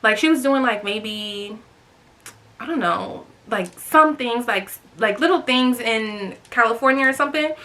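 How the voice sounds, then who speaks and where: A woman's voice: a little high, animated, unhurried, bright, forceful tone. A young woman in her twenties chatting to camera, telling a story with lots of "like" fillers and asides to her viewers. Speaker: storytime vlogger.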